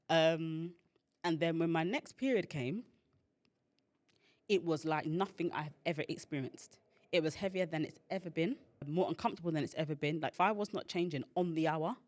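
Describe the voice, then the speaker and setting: A woman hosting a podcast, telling a personal story in a chatty way, full of fillers and acted-out quotes. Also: low-pitched. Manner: chatty, filler-heavy, acts out quoted voices. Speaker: podcast host and founder.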